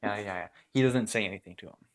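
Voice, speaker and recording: A man's voice: lowish voice, quick pace. A man narrating a story game as game master, rambling, with many fillers and restarts.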